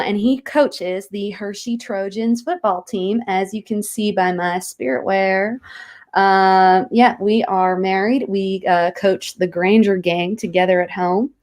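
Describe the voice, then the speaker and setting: A woman's voice: mid-range voice, close to an everyday voice. A woman as a gushing football mom. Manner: chirpy, gushing, cheer-like. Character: gushing peppy football mom, mother of five. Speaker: guest. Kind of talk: improvised comedy interview.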